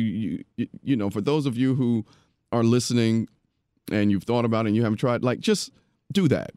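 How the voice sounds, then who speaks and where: Excited talk-show man, full of restarts. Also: lowish voice, no echo, studio quality. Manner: enthusiastic, with many restarts and "come on" affirmations. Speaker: podcast host. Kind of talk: casual chat.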